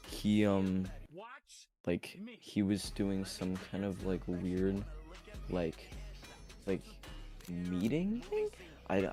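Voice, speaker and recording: A man's voice: low-pitched, gravelly, mellow. A man host chatting casually on a call, rambling with lots of fillers and restarts. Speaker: channel host debating on a call. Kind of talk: casual chat.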